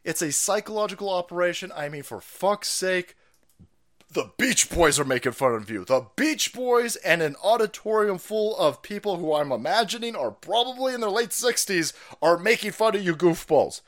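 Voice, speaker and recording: A man streaming ranting commentary, foul-mouthed and loud, laughing and jumping between mutters and yells. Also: sits high, animated, normal speed.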